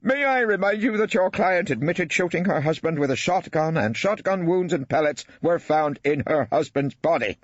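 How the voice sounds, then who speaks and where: A man's voice: on the high side, expressive, moderate pace, few pauses, no echo, voice pushed up. A man playing a pompous irritable judge. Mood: irritated. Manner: weighty, clipped, condescending. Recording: dry, slightly dull studio.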